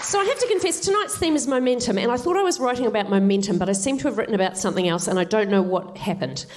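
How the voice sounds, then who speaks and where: A woman performs live stand-up, spinning a comic fairy tale with wry asides. Her voice is fairly high and swings widely in pitch as she performs. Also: racing, a faint crowd. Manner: wry, animated, with self-deprecating asides. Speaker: stand-up comedian.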